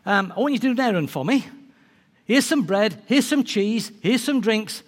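A preacher voicing a brisk British dad. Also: male voice, sits high, lively intonation. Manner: brisk, fatherly. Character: friendly older father giving his son a job. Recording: long reverb of a large hall.

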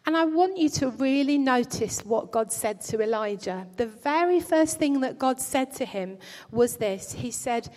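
A woman preacher gives a gentle, earnest sermon with pastoral warmth, often restarting her phrases. Her voice sits a little high and is expressive and a little slow. The long reverb of a church hall surrounds the recording.

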